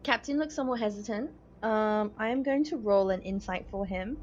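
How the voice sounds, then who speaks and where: A woman's voice: mid-range voice, brisk, darkish tone. A woman running a tabletop game as dungeon master, narrating loosely with fillers and laughs. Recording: dull lo-fi podcast audio.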